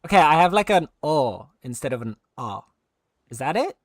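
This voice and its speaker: A man's voice: a little high, very animated, normal speed, no echo, clean studio sound. Giggly South African streamer man. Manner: giggly, eager, pleading playfully. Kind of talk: casual chat over voice call while gaming.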